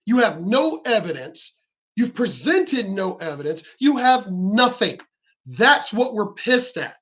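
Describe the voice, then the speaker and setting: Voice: mid-range voice, very animated, slow pace, a bit bright. Profane, heated political ranter. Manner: profane, heated, sarcastic, mocks opponents in quoted voices. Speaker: political vlogger. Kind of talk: angry ranting commentary.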